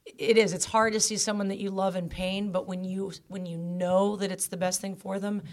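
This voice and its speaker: A woman's voice: medium pitch, level tone, moderate pace. Candid stepmother getting choked up. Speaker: stepmother guest. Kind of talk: emotional interview talk. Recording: podcast.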